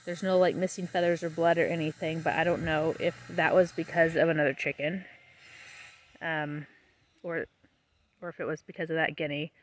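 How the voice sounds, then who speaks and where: A woman vlogging casually about her homestead, tired after planting, chatty and laughing often, her voice trailing off softly. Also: deep voice, fairly even intonation, normal speed, poor audio. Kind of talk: casual vlog talk to camera. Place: outdoors on a small homestead.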